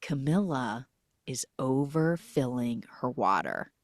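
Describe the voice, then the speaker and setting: Woman, low voice, casual podcast recap, chatty, lots of "like", dry sound. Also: slow pace, dry recording. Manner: chatty, animated retelling with many "like"s.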